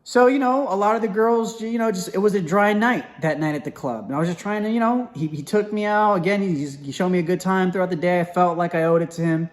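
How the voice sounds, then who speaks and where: A young man tells a personal story in a loose, casual way, with a voice that sits a bit high for a man. He keeps stopping to restart his sentences and drops into quick impressions of the people he talks about. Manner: animated, acts out quoted voices, many fillers and restarts.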